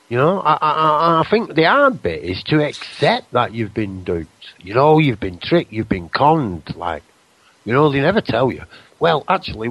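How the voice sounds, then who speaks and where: A man hosting a radio show, talking in a rambling, excitable, self-deprecating way close to his microphone. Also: medium pitch, rough recording. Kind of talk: casual radio chat.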